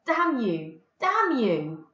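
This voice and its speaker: Teacher lady doing an angry young guy near breaking point, loud and high, roomy dull audio. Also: big pitch swings, drawn-out words, exaggerated voice. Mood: anguished, furious. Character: distraught angry young man confronting his mother. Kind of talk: dramatic reading of a play.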